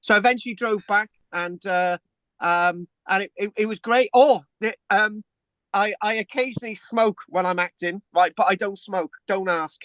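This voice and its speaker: A man's voice: high-pitched, moderate pace, a bit bright, no echo. A talkative man from England telling a long story in a loose, rambling way, with false starts, repeated words and a constant "right?". The sound is dry and close, with little room around it. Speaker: host. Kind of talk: casual chat.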